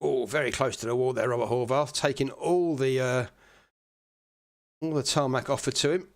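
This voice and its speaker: A man giving relaxed, chatty live commentary on an online sim race, with plenty of fillers. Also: mid-range voice, normal speed.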